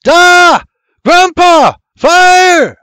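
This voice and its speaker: Man doing a frantic young man yelling over a fire, high and loud. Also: expressive, extremely slow, no echo, studio quality, full character voice. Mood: frantic shouting. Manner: frantic shouting. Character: young man screaming to wake family in fire.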